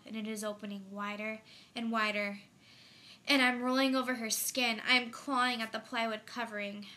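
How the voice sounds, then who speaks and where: A woman's voice: a little high, pushed and bright. A young woman playing a frightened dreamy girl. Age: young adult. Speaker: student actor. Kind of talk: theatrical monologue.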